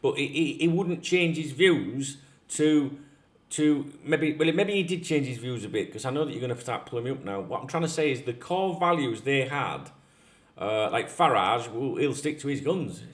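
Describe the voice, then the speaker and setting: A man's voice: mid-range voice, animated, moderate pace. A man hosting a football channel, talking in a casual rant with frequent restarts and swearing.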